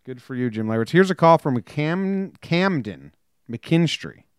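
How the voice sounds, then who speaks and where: A man co-hosts a podcast in loose, casual chat, tossing in quick asides. His voice is smooth and clear, recorded close and dry. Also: on the high side, expressive, dry recording. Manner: chatty, quick asides and laughs. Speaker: podcast co-host.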